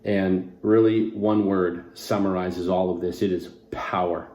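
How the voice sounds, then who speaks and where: A man's voice: sits low, fairly even intonation, measured pace, a little mellow, echoey room. A man serving as pastor, teaching a short devotional on a Bible passage, earnest and conversational, putting scripture into casual everyday words.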